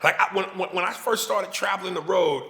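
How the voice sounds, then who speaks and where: A man's voice: high voice, brisk, vocal fry, sharp tone, reverberant. A man from New York with a New York accent, a comedian ranting animatedly and profanely in a casual interview. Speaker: comedian guest.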